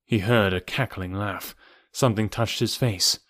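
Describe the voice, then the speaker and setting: A man narrates a novel in a measured, somber manner, with a voice that sits low in pitch. The recording is dry and close, with no room sound at all. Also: fairly even intonation, a bit bright, no echo. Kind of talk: audiobook narration.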